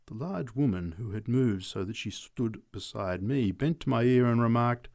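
A man reading a literary story aloud in measured, expressive narration. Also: mid-range voice.

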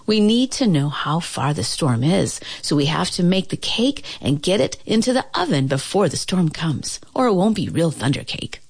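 A woman's voice: fairly low pitch, sing-song, moderate pace, few pauses, a little mellow, slightly rough, no room sound, full character voice. A woman voicing a kindly, reassuring old grandmother in a storybook read-aloud, with a soothing, folksy manner.

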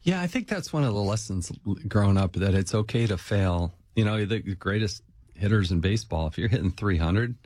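A middle-aged man hosts a relaxed conversation in a fairly low voice. He is measured and reflective, weighing his words as he goes. The recording is dry and close, with no room sound. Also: no room sound. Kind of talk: casual conversation.

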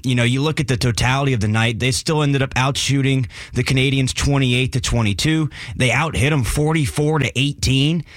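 A man's voice: medium pitch, fairly bright tone, no echo, clean studio sound. A man giving candid, wry hockey analysis as a guest on a sports radio show. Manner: candid, wry, stat-heavy breakdown.

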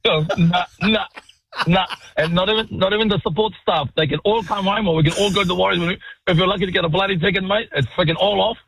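A man calling a sports radio talkback show, blunt and excitable, swearing freely and calling everyone mate. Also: high voice, fast, gravelly, slightly rough, no echo. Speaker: caller. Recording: muffled phone line, dry.

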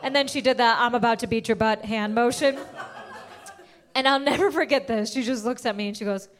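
High-voiced woman doing stand-up. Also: brisk. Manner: animated storytelling, acts out her parents. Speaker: stand-up comedian. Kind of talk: stand-up set.

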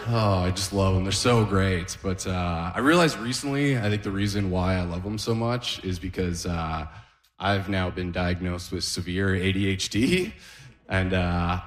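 A man's voice: low voice, measured pace. Give me a man in his thirties rambling through a stand-up set, chuckling at himself, in a roomy room. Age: 30s. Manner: rambling, self-deprecating, chuckles at his own jokes. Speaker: stand-up comedian.

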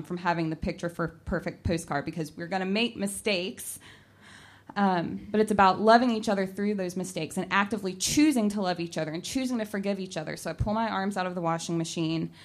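A young adult woman telling a personal story, animated and acting out her own shouting. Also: lowish voice. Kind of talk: personal story told to an audience.

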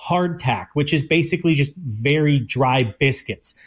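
A young man co-hosting a casual radio food show as a chef, explaining eagerly in quick bursts. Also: medium pitch, animated, husky. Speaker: chef and co-host.

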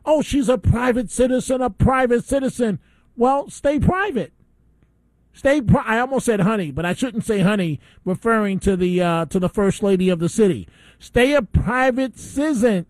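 A man's voice: high-pitched, animated, moderate pace, a little mellow, no room sound. A man hosting a call-in radio talk show, ranting indignantly between calls. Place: radio studio.

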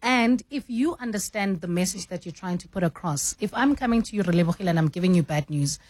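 Woman newsreader, low and dry. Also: darkish tone, dry recording. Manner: measured, explanatory, says "you know" often. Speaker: news anchor and mentor. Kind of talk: radio studio conversation.

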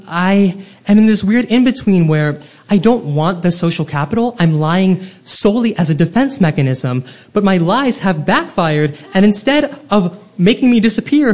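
A man telling a personal story live on stage, with comic, self-deprecating and animated delivery. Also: high-pitched, moderate pace, hardly any pauses.

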